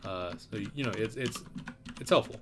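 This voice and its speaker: A man's voice: on the low side, moderate pace, noisy background. A man giving casual, rambling gameplay commentary, thinking aloud as he plays. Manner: laid-back, rambling, thinking aloud with fillers. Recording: keyboard typing and clicks in background.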